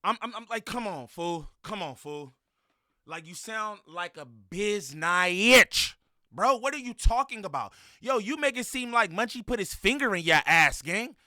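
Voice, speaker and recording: A man with a high, bright, sharp voice heckles and mocks in a loud reaction commentary. The sound is dry and close, with no room around it. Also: animated, normal speed, dry recording.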